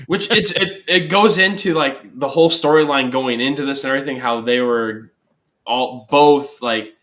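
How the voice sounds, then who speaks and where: A man's voice: mid-range voice, normal speed, fairly bright tone. A man co-hosting a casual wrestling recap podcast, sharing easygoing, plainspoken opinions. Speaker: podcast co-host.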